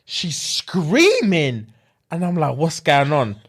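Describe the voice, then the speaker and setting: Animated British man telling a story. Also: a little high, slow. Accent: British English. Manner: animated, laughs often through a comic story, uses street slang. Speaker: podcast co-host. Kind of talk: casual storytelling chat.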